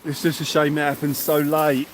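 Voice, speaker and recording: A man's voice: on the high side, flat delivery, moderate pace, a little hiss or hum. A man hosting a night fishing livestream outdoors by the sea, effusive and thanking viewers by name. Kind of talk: excited livestream chat.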